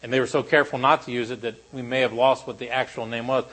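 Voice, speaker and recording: A man delivers a sermon to his congregation in a mid-range voice. He moves between lively, raised emphasis and soft, solemn near-murmurs, and asks the room to respond. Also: mid-range voice, fast talker, low-quality recording. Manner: animated preaching, dropping to quiet emphasis. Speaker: pastor.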